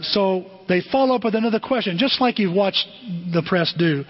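At normal speed, a high-voiced pastor with some huskiness delivers a sermon full of animated stories, performing the quotes in character. The sound is dull and muffled, and a long hall reverb trails behind him.

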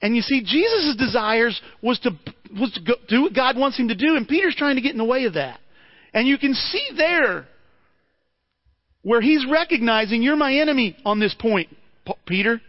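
A man's voice: very high-pitched, animated, normal speed, highs cut off. A man preaching a sermon in a conversational way, asking his listeners rhetorical questions and often repeating words as he restarts.

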